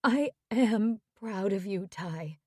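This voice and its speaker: A woman's voice: mid-range voice, expressive, slow pace, darkish tone, husky, no room sound, studio quality. Woman voicing a pleading, worried mother. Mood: tearful. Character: worried middle-aged mother.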